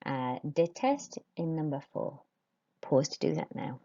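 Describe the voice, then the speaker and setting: A woman teaches a recorded lesson at a slow, patient pace. Her voice is lowish and mellow, and she explains each step clearly. The recording sounds dull and lo-fi. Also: big pitch swings. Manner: patient, clear classroom instruction with modelled pronunciation.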